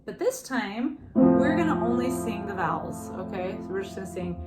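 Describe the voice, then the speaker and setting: A woman's voice: mid-range voice, animated, normal speed, loud music behind the voice. A woman teaching singing in a casual, encouraging way, often breaking into short sung hymn phrases. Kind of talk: casual vocal lesson with sung demonstrations.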